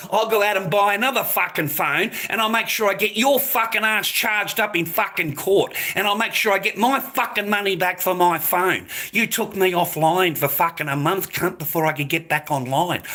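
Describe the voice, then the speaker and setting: An older Australian man ranting in a profane monologue, aggressive and swearing constantly with loud outbursts. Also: sits high. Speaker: vlogger.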